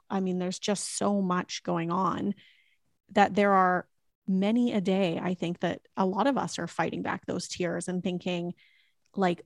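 A woman's voice: lowish voice, gravelly, dry recording, studio quality. A woman talking earnestly and emotionally about motherhood in a heartfelt podcast conversation, reflective and prone to restarts. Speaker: mother sharing her story.

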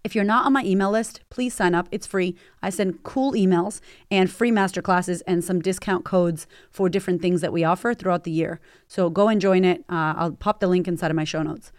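A woman's voice: lowish voice, fairly even intonation, a little fast, few pauses, dry recording, studio quality. A woman in her forties hosting a motivational podcast, talking bluntly and emphatically with plenty of swearing. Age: 40s. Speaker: podcast host.

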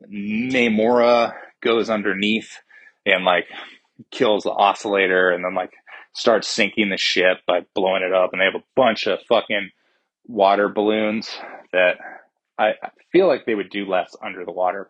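A man's voice: lowish voice, fairly bright tone, husky, no room sound, poor audio. A young man giving a rambling, profane, jokey spoiler review of a movie.

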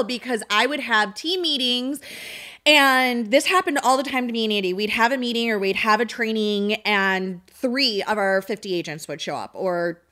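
A woman's voice: medium pitch, pushed and bright. A woman hosting a podcast, upbeat and friendly in casual chat. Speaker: podcast host.

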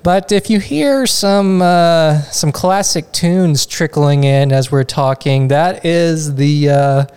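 Smooth-voiced, teasing male co-host. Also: fairly high pitch, takes it slowly, few pauses, darkish tone. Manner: teasing, playful banter. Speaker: podcast co-host. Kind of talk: casual chat. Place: small side room by a theater studio.

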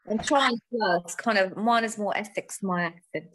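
A woman's voice: mid-range voice, normal speed, fairly bright tone. An Irish woman, a comedian and podcast guest, telling stories in a chatty, self-deprecating way. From Ireland. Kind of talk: casual interview chat.

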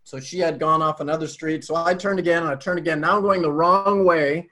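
A man as an interview guest telling a personal story in a casual, animated way. He swears freely. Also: on the high side, brisk.

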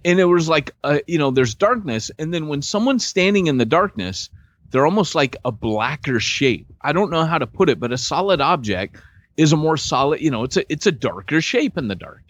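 Animated storytelling man in his forties. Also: a little high, no echo, lo-fi sound. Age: 40s. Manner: animated storyteller, acts out voices. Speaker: podcast co-host. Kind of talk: casual chat, storytelling.

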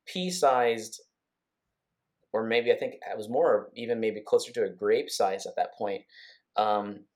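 A man co-hosting a podcast, recounting events in a casual, rambling way with many restarts and quick bursts. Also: on the low side, a little mellow. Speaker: podcast co-host. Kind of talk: casual conversational storytelling.

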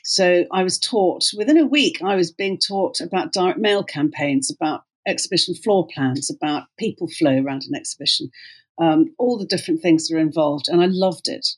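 A middle-aged woman, a company co-founder, telling her career story in an interview in an animated way, with many fillers and restarts. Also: fairly low pitch, normal speed, husky. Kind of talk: conversational storytelling.

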